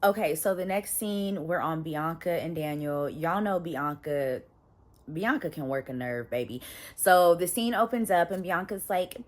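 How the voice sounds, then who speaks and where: A woman's voice: lowish voice, moderate pace. Chatty woman recapping a show. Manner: chatty, loose slangy storytelling with frequent asides. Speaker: channel host reviewing a reality show. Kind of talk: casual recap chat.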